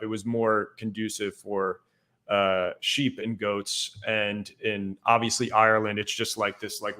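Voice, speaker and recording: A man's voice: lowish voice, bright, forceful tone. A young adult man from the Northeastern United States, a podcast guest explaining things in a loose, casual way full of "like".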